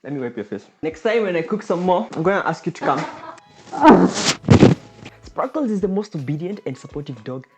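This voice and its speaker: A woman hosting a playful cooking vlog, goofy and exaggerated, with sudden loud outbursts. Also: fairly low pitch, big pitch swings, normal speed, pauses often, music in the background. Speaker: cooking vlogger.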